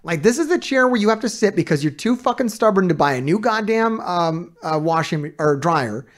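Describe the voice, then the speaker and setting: A man's voice: high-pitched, animated, moderate pace. A man reacting to a video as a streamer, ranting in casual, heavily profane and exasperated commentary.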